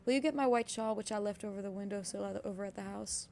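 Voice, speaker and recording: A woman reading the lines of a withdrawn young wife from a classic novel, in a soft, wistful way with a gravelly voice. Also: medium pitch, quick pace, slight background noise, natural voice. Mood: aloof. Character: languid withdrawn young wife, quietly stubborn.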